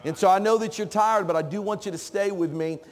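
A high-voiced man preaches from a church stage, joking with the youth and calling out to the crowd. His voice carries through a large hall with a long, ringing reverb. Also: fast talker. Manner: joking, calls out to the congregation. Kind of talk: sermon. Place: church sanctuary.

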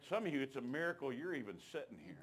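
A man's voice: medium pitch, sing-song, rapid-fire, crowd noise. A man preaching a sermon, telling his own testimony in a folksy, emphatic way and calling out to the congregation.

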